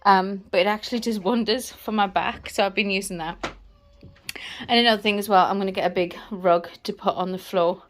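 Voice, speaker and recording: A woman's voice: medium pitch, steady tone, fairly quick, fairly bright tone. Breathless woman in her thirties, casual rambling vlogger talking at home. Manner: chatty, rambling. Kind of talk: casual vlog talk. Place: indoors at home.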